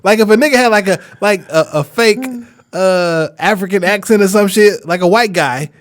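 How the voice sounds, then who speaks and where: A man co-hosting a casual podcast, his slightly raised voice carrying blunt, profane opinions. He talks with animated emphasis, pushing hard on every point. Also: sits high, moderate pace. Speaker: podcast co-host. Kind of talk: casual chat.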